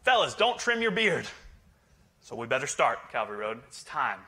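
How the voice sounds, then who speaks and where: A man's voice: mid-range voice, big pitch swings, normal speed, bright, forceful tone. A male pastor preaching a sermon in a joking, conversational way, teasing his congregation. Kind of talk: humorous sermon.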